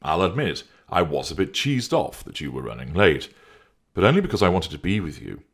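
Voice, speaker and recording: A man's voice: deep voice, sing-song, a little fast, slightly rough, full character voice. A man voicing an anxious, pleading man who is desperate to hold on to his partner, in an audiobook reading. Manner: pleading, defensive.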